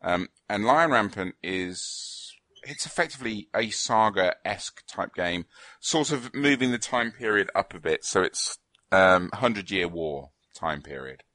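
Low-voiced, lively rambling podcast man. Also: measured pace, no echo. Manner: rambling, hesitant, with many fillers and restarts. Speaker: podcast co-host. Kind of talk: casual chat about tabletop wargames.

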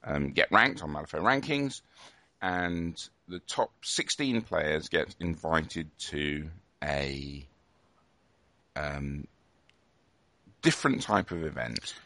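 A man hosts a casual podcast in a low, bright voice. He rambles along with lots of ums and restarts, and his voice sounds close and dry. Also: expressive, slow pace, no echo. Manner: rambling, many fillers and restarts. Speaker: podcast host.

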